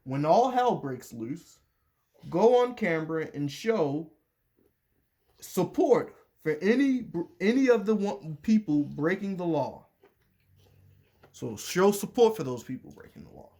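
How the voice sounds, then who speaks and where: A man's voice: high voice, big pitch swings, unhurried, warm tone. A man reading a letter aloud and commenting on it in casual chat, repeating his points and restarting sentences as he goes.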